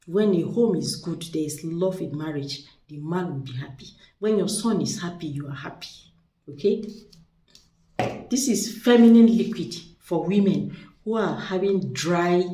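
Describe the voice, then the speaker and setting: Lady hyping her products, lowish voice, kinda far from the mic. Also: dark tone. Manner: chatty, persuasive, repeats words for emphasis. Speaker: seller of spiritual products. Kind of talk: casual product showcase. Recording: echoey room, distant mic.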